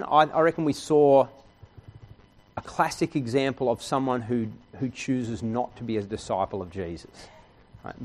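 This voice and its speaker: A man preaching a sermon in an earnest, conversational way, often checking in with his listeners. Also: medium pitch. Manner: earnest, conversational preaching with frequent "right?" asides. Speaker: pastor.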